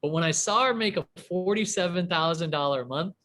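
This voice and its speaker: A man in his forties, from a small town in the American Midwest, speaks as an interview guest. His voice sits a little high for a man. He tells his story in a casual, rambling way, full of fillers, restarts and animated quoted dialogue. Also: brisk. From US Midwest, small town near Chicago. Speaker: guest entrepreneur.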